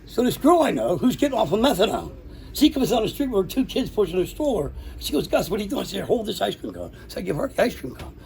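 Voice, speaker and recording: A man from the Pittsburgh area telling a lively recovery story to a room, swearing and acting out the voices of the people in it. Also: high voice, quick pace, gravelly, slight background noise. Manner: animated, swears, acts out voices. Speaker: recovery speaker. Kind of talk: storytelling to an audience.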